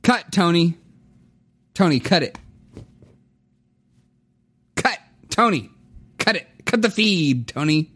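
A man's voice: sits high, lively intonation, slow pace, pauses often, fairly bright tone, husky. A man hosting a church podcast, joking and rambling through announcements and banter. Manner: jokey, rambling. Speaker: podcast host. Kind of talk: casual chat.

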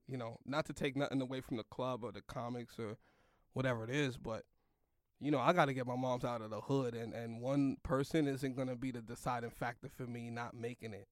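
Slangy, rambling young comedian, dry sound. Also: male voice, medium pitch, steady tone, brisk, no room sound. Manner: loose, slangy, rambling, lots of "like" and "yo". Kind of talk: casual storytelling in a podcast chat.

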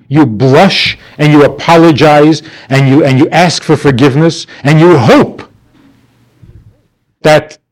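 A man teaching a class, asking rhetorical questions and answering them himself with wry, mock-indignant asides. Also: fairly high pitch. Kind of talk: class lecture.

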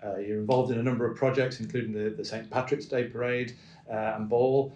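A man hosting an interview, speaking warmly and haltingly with many restarts. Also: medium pitch, little pitch movement, distant mic, dull audio. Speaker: podcast host. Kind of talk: casual interview. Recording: echoey room, a little off mic.

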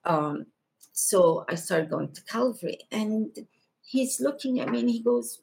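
Gravelly-voiced woman recounting a testimony. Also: medium pitch, darkish tone, poor audio. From Egypt. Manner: slow, halting, emotional storytelling. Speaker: guest. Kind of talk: personal testimony in conversation.

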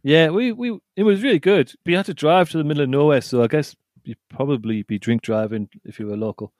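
A man's voice: on the high side, fast talker, a little mellow, no echo, clean studio sound. A man co-hosting a casual chat podcast, rambling and repeating himself as he tells a story and reads reviews aloud. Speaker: podcast co-host.

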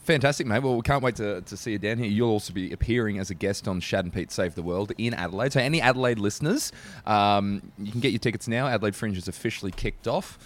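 A man's voice: lowish voice, fast. A young Australian man co-hosting a comedy podcast, wry and joking, trailing off into mumbles while explaining. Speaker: podcast co-host. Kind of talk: casual comedy podcast chat.

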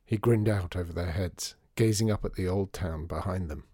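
A man narrating a storybook in a measured, gently wry way. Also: low-pitched, husky, no room sound, studio quality. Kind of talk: storybook reading.

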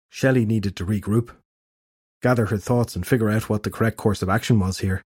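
Husky low-voiced male narrator. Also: steady tone, fairly quick, a little mellow, no room sound, clean studio sound. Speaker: audiobook narrator. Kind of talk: scripted fantasy narration.

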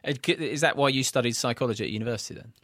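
Male host, quick, casual and chatty, dry sound. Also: mid-range voice, fairly bright tone, no echo. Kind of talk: interview.

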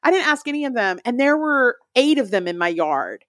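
A young woman co-hosts a podcast in casual chat, telling a story in an animated way and acting out quotes in other people's voices. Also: on the high side, fairly quick, dry recording, studio quality. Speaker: podcast co-host.

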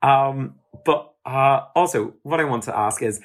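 A man's voice: mid-range voice, unhurried. A man with a Northern Irish accent interviewing a guest, asking long rambling questions full of fillers. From Northern Ireland.

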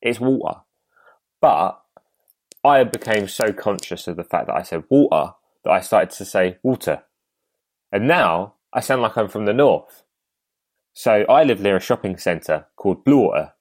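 Young southeast English male podcast host, slightly low voice, rambling casual delivery. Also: animated, normal speed. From Kent, England. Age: 20s. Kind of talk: casual chat.

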